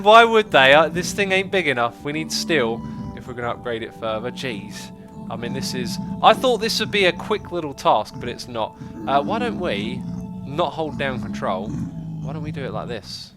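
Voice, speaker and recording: A man hosting a casual gameplay livestream, chatting, thinking out loud and answering viewer comments. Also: mid-range voice, expressive, normal speed, few pauses, music in the background. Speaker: livestream host.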